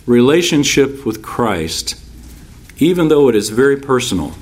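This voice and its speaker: A man's voice: mid-range voice, big pitch swings, a little slow, a little mellow, a little hiss or hum. A man preaching a sermon as a pastor, stressing key phrases by repeating them and telling folksy personal stories with asides.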